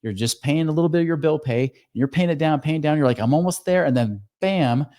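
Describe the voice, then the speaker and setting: A man's voice: a little high, a little fast, a little mellow. A man hosting a finance podcast, walking through loan numbers in an emphatic, explanatory way. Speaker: podcast host, financial advisor.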